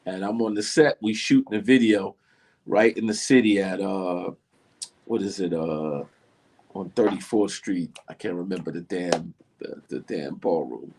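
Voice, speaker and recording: A middle-aged man with a low, husky voice tells a story a little slowly in a casual interview. As a guest, he is animated, acting out the voices of the people in his tale.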